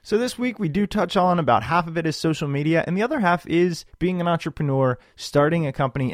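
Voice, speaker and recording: A man in his thirties opens his podcast in a loose, chatty way and pokes fun at himself. His pitch moves all over the place, and the sound is dry and close to the mic. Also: no room sound. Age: 30s. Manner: chatty, animated, self-joking. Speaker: podcast host. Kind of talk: casual podcast intro.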